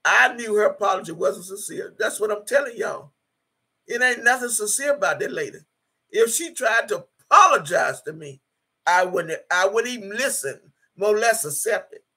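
A woman hosts a casual livestream and reads her viewers' comments aloud. Her voice is gravelly and husky with a rough edge. She talks bluntly, swears freely and slips into prayer. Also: mid-range voice, animated, moderate pace, bright, forceful tone. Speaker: YouTube live streamer.

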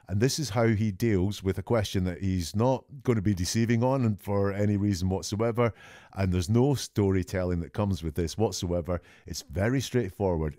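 A man giving a measured, deliberate analysis of an emergency call, slowing down to stress key words. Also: on the low side, dark tone, no room sound, clean studio sound. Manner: measured, deliberate, often slows for emphasis. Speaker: statement analysis commentator. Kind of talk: analytical commentary on a recorded call.

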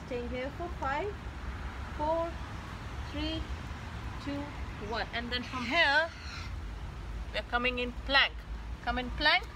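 A woman yoga instructor leading a mother-and-child yoga class, giving slow, gentle step-by-step instructions. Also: high-pitched, background noise.

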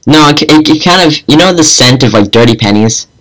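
A man's voice: a little high, expressive, fairly quick, fairly bright tone, low-quality recording. A young man co-hosting a casual podcast, often laughing and tossing in joking reactions. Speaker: podcast co-host. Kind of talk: casual chat.

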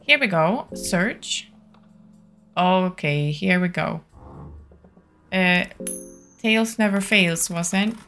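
Slow-talking woman streaming a game. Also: on the low side, lively intonation, fairly bright tone, soft background music. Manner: thinks aloud, reads and answers chat. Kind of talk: live-stream gameplay chat.

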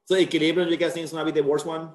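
A man's voice: on the high side, level tone, racing. A tired man teaching a chemistry class in a casual, joking way, often checking in with his students. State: tired, end-of-semester burnout. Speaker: chemistry instructor. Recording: echoey classroom.

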